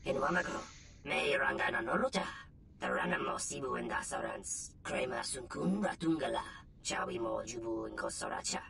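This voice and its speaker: An actor voicing a gruff alien merchant who speaks an alien language in a video game. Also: medium pitch, big pitch swings, moderate pace, sharp tone, a little hiss or hum, full character voice. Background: game music.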